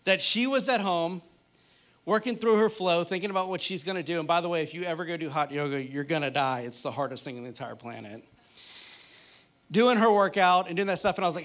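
Here a pastor in his late thirties talks to his congregation as though chatting with friends, a joking storyteller who keeps drifting into humorous anecdotes and playful side remarks. He speaks a little fast, in a voice slightly higher than the typical man's.

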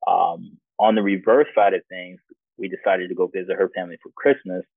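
Man, very low voice, easygoing storyteller, interview guest, tinny phone-like sound. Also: level tone, a little fast, vocal fry, no echo. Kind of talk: casual personal storytelling.

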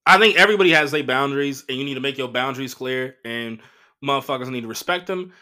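A man hosting a comedy podcast alone, telling profane relationship stories with animated acted-out quotes. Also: mid-range voice, fast talker. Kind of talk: casual solo monologue.

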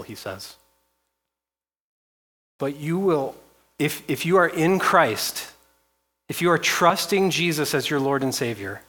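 A man's voice: fairly high pitch, animated, slow, pauses often, sharp tone. A man preaching a sermon as pastor, reading scripture aloud with rising intensity and repeating phrases.

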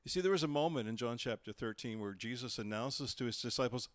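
Male pastor, mid-pitched, expressive sermon delivery, dry close recording. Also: fast, no room sound. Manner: animated storytelling, acting out quoted voices.

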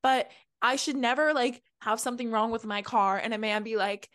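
A woman's voice: on the high side, a little fast, fairly bright tone. A young adult woman co-hosting a podcast, ranting bluntly and swearing in casual chat. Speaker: podcast co-host.

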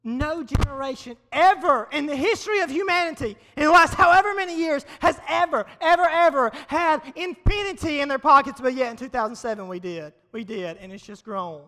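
A man preaching a casual, humorous sermon to a live audience, energetic and chatty, repeating phrases for emphasis. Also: very high-pitched, a little fast, hardly any pauses. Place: large hall before a live audience. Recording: long hall reverb.

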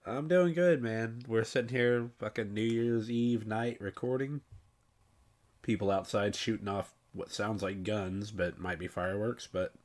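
A man with a lowish voice co-hosts a casual podcast. He keeps things loose and chummy, tossing in easygoing banter. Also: measured pace. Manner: laid-back, chummy banter. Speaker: podcast co-host.

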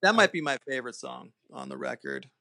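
Gravelly, bright-voiced guitarist guest. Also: male voice, medium pitch, wildly swooping pitch, brisk, no echo. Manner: enthusiastic, laid-back, filler-heavy. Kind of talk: casual chat.

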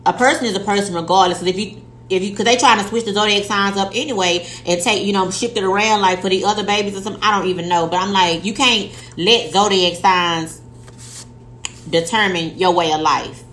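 A woman's voice: medium pitch, fairly quick, a bit bright, slight background noise, poor audio. A woman in a casual chat, rambling in a laid-back way and swearing now and then.

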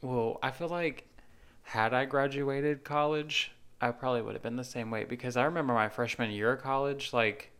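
Teasing Southern man, clear voice. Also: medium pitch, fairly even intonation, fairly bright tone. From Tennessee. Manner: chatty, teasing, quick to laugh. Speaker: podcast co-host. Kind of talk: casual podcast chat.

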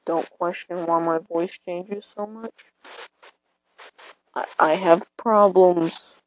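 A woman's voice: fairly low pitch, steady tone, slow pace, slight background noise, rough recording. A teenage girl rambling hesitantly into her phone from her bed late at night, self-deprecating, her voice cracking now and then. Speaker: podcaster. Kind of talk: casual rambling monologue.

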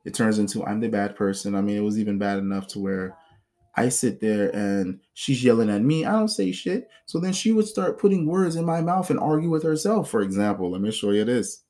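A man's voice: on the low side, fairly quick. A man casually telling a personal story about past relationships in a blunt, profane way, acting out what others said. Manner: blunt and profane, animated when mimicking others. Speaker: self-help vlogger.

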